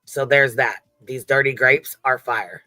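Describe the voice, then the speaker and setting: A man's voice: medium pitch, a little slow, pushed and bright, dry recording. A man hosting a casual livestream panel, laid-back and swearing freely. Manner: laid-back and heavily profane.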